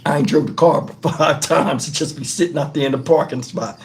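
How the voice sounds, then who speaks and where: Hosting his own channel, a middle-aged Texan tells a story to camera with a fairly high voice at a fairly quick pace. He's animated and profane, rambling along with many side comments in a casual way.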